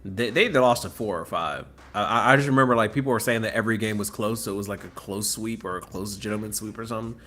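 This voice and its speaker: A man guesting on a sports podcast, dramatic and expressive in casual chat. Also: lowish voice, quick pace, hardly any pauses.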